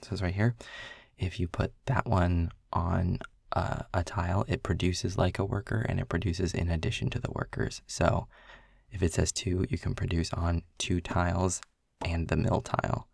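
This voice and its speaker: Low gravelly young man, rambling. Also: flat delivery, normal speed, a little mellow, no room sound, clean studio sound. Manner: rambling, explaining game rules with filler words. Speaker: audio role-play creator. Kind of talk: casual boyfriend role-play.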